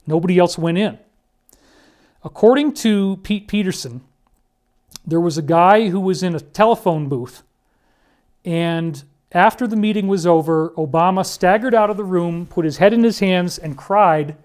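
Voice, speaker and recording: A man's voice: high-pitched, moderate pace, a little mellow. A man talking through a series of photos in an earnest, emphatic monologue, often addressing listeners directly. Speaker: commentator.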